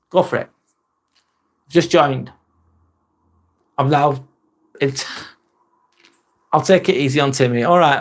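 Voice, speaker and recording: An English man hosting a casual live-stream chat, joking, teasing himself and swearing freely. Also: medium pitch. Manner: sweary, joking and self-mocking.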